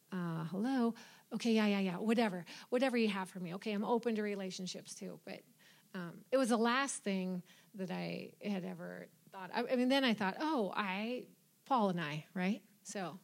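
A woman telling a personal story in a chatty, lively way, acting out her own thoughts. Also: medium pitch, moderate pace, creaky. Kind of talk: casual storytelling.

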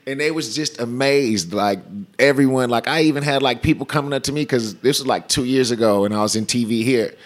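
A man's voice: medium pitch, fairly quick. A young man from California, a comedian and actor, telling stories in casual, slangy chat and voicing the people he quotes. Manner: laid-back, slangy, animated when quoting people.

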